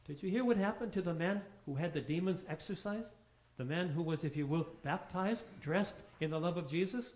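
Male pastor mid-sermon, storyteller, dips soft then punches; lo-fi, echoey take. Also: on the high side, fairly quick. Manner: storytelling preacher, swinging between soft and emphatic. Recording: roomy, dull sound.

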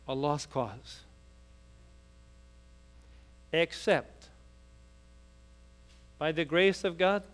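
A man preaching a sermon, telling a story rapidly and then rising into fervent, emphatic preaching. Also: fairly high pitch, clean tone.

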